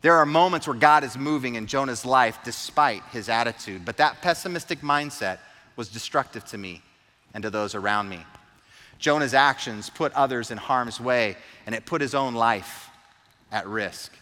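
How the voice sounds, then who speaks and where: A man's voice: mid-range voice, moderate pace, pushed and bright, big-room sound. A man preaching a sermon, retelling a story with earnest, emphatic repetition. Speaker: pastor.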